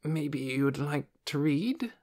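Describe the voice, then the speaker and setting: A man's voice: fairly high pitch, lively intonation, takes it slowly, a little mellow, voice pushed up, exaggerated voice. A man voicing a flustered, absent-minded woman doctor in an audiobook, hesitant and trailing off. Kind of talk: audiobook character voice.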